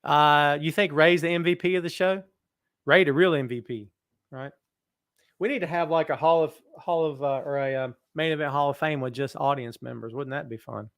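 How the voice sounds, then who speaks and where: A man hosting a wrestling talk stream, reading viewer comments aloud and talking to his audience with animated, self-mocking chatter. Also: a little high, moderate pace, no echo, studio quality. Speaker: host.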